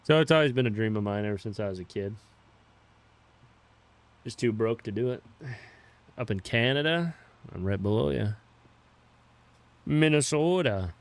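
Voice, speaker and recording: A young man casually chatting with viewers while playing a farming game, relaxed and swearing offhandedly. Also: mid-range voice, normal speed, long pauses. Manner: laid-back, swears casually, greets viewers by name. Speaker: game streamer. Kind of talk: casual live-stream chat while playing.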